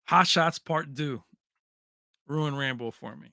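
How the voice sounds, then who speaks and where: A man hosts a casual tech livestream, talking to his viewers in a chummy, animated way. His voice is bright and sits somewhat high for a man. The sound is dry and close, with no room around it. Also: slow pace, vocal fry, no echo. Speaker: tech channel host.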